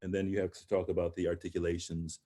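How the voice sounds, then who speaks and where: A man's voice: sits low, flat delivery, quick pace, dark tone. A man coaching a young singer over a video call, talking through phrasing with hesitant, encouraging remarks and sung sample words. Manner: encouraging, hesitant, sings and speaks sample words in French and German. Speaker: voice coach leading a master class. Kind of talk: online master class coaching.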